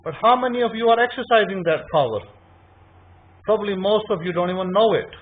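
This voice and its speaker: A man with a high voice speaks briskly through a tinny, phone-like line. His informal scripture teaching is conversational and repetitive, and he voices his listeners' thoughts aloud.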